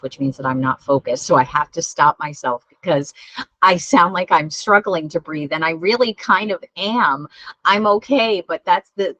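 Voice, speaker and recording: A woman teaching children a mindful breathing lesson, gentle and encouraging, laughing at herself when it goes wrong. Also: lowish voice, dry recording, lo-fi sound. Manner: gentle, encouraging, self-deprecating. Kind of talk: guided breathing lesson for kids.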